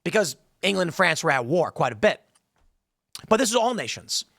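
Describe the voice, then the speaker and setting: A man's voice: a little high, sing-song, brisk, gravelly, a bit bright, breathy edge, no echo, studio quality. A man hosting a political commentary show, talking in an emphatic, heated way and slipping into mocking voices when he quotes people. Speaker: podcast host.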